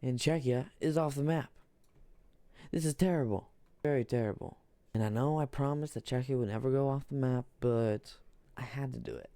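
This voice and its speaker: Casual male map narrator, gravelly and dark, halting, dry room. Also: mid-range voice, dry recording. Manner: repetitive, restarts, halting.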